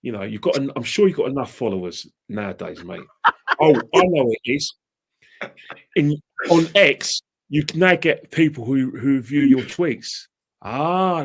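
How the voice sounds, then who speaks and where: A man, a podcast guest in casual chat who rants and mocks rival fans in an animated way. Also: medium pitch, vocal fry, husky. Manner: ranting, mocking, animated.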